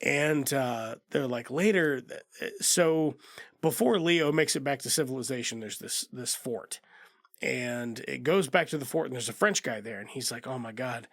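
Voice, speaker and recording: A man's voice: mid-range voice, moderate pace, a bit bright, no room sound. Man, podcast co-host; casual, profane movie recap in a middle voice; dry, close mic. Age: adult with a child. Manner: profane, rambling, acts out characters' lines.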